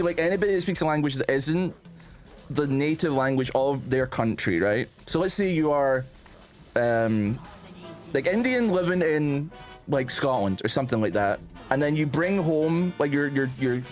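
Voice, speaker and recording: A man streaming casual reaction commentary, rambling and joking with plenty of swearing. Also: mid-range voice.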